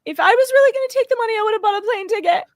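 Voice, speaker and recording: A woman's voice: extremely high pitch, racing, dry recording, voice pushed up. A woman mocking a whiny self-pitying woman. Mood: shrill. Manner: pleading, breaking into crying.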